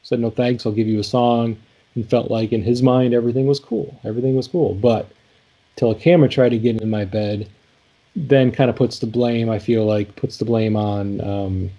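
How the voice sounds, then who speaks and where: A man's voice: mid-range voice, fairly even intonation, moderate pace, dark tone. A man co-hosting a casual chat, thoughtfully walking through song lyrics with many fillers and restarts. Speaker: podcast co-host discussing song lyrics.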